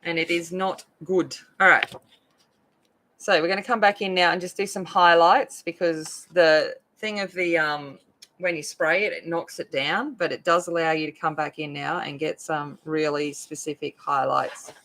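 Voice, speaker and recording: Australian woman, coloring video host, casual chat, rambling, filler words, slightly low pitch. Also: fairly even intonation, normal speed, fairly bright tone, poor audio. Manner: rambling, chatty, many fillers.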